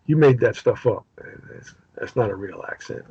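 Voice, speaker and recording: A man's voice: mid-range voice, normal speed, dark tone, slightly rough, no room sound. A man with a New York accent leading a casual Bible study over a video call, chatty and joking, with lots of fillers. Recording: dull video-call audio.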